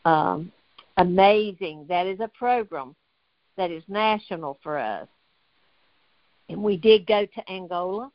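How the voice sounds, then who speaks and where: A woman's voice: lowish voice, a little slow, pauses often, dry recording, muffled recording. An older woman from North Carolina tells an emotional faith story as a guest on a talk show. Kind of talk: testimony in a faith talk interview.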